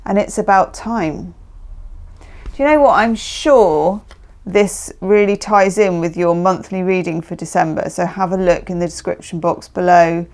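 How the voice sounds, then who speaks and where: A woman's voice: fairly low pitch, a little slow, darkish tone. Chatty woman giving a tarot reading. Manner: chatty, emphatic, often adds "okay?". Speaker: tarot reader. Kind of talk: casual tarot reading monologue.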